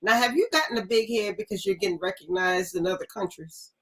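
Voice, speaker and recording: A woman's voice: mid-range voice, quick pace, a bit bright. A woman from New Orleans hosting a casual interview, laughing often and adding short reactions. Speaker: interview host.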